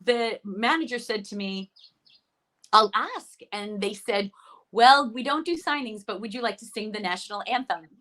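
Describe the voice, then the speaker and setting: A woman's voice: a little high, normal speed. A middle-aged woman, an actress guest, chatting over a video call and telling a story with acted-out quotes. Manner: animated storyteller, acts out quoted lines. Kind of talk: remote interview chat.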